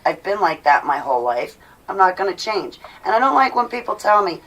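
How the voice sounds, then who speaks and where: Animated woman vlogging, slightly distant mic. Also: mid-range voice, fairly quick. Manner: animated, emphatic, swings loud and soft. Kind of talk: casual monologue to viewers. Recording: voice a bit far from mic.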